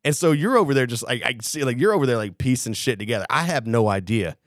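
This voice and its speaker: A man's voice: mid-range voice, quick pace, dry recording. A man in a loose podcast chat, recounting an old story with plenty of swearing. He slips into the voices of the people he quotes. His sound is close and dry, with no room around it. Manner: animated, profane, acts out quotes. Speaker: podcast co-host.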